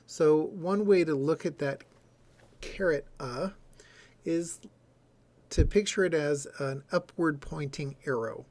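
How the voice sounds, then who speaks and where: A man's voice: a little high, slow, long pauses, a little mellow. A man giving a recorded lecture, explaining step by step and sounding out example words.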